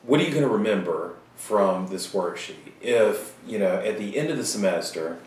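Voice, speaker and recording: Low-voiced man teaching from across a room. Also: lively intonation, a little mellow, a little hiss or hum. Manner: casual and joking, with quick asides. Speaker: writing teacher. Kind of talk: recorded video lecture. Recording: roomy sound from a distant mic.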